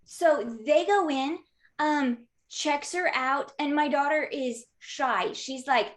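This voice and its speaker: A woman in her thirties, a podcast guest, telling stories in a lively way with frequent "um" fillers. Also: high voice, slow. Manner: lively, frequent "um" fillers, acts out quoted voices. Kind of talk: conversational storytelling.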